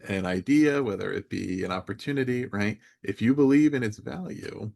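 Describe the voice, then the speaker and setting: A man's voice: lowish voice, moderate pace, creaky, darkish tone. A man hosting a podcast interview, talking in an emphatic, conversational way and building his points up as lists. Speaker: podcast host.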